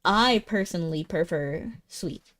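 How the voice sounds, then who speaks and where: Streaming a game, a young woman chats with viewers in a casual, bubbly, talkative way. Her voice sits on the low side with a fairly bright tone, and she speaks a little slowly over faint game music.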